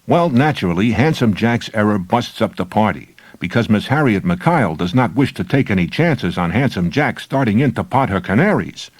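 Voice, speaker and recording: A man reading a short story aloud, telling it in a wry, deadpan way. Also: fairly low pitch, moderate pace, few pauses, no echo. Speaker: narrator.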